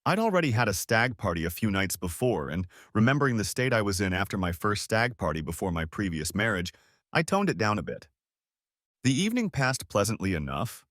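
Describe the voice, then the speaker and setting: Brief: man narrating a story, lively pitch, dramatic delivery, dry studio sound. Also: a little fast, no echo. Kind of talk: audiobook narration.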